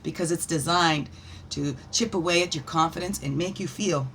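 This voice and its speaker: A woman leading a daily spiritual reflection while pulling oracle cards, animated and encouraging, with playful asides. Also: low voice, normal speed, slight background noise. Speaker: spiritual guide.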